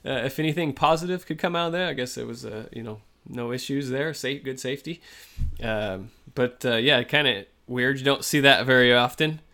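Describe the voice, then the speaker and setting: A man's voice: medium pitch, fairly quick, bright, forceful tone. A man co-hosting a racing podcast, chatting casually and rambling with plenty of filler. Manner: rambling, lots of uh and I guess. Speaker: podcast co-host. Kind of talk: casual chat.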